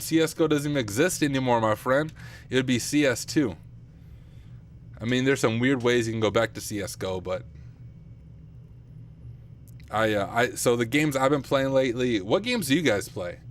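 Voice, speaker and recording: A young man streaming live at night and thinking aloud as he works, chatty and self-deprecating with viewers, his voice getting rough. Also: medium pitch, animated, normal speed, long pauses, slight background noise. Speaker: streamer, penetration tester. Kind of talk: casual live-stream talk while working. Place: home computer room at night.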